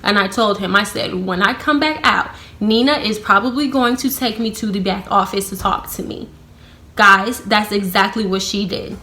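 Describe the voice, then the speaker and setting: Bright-voiced, blunt young woman vlogger. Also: mid-range voice, normal speed. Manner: blunt, profane, heavy use of "like" fillers; sarcastic, animated when quoting herself. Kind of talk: casual storytime vlog.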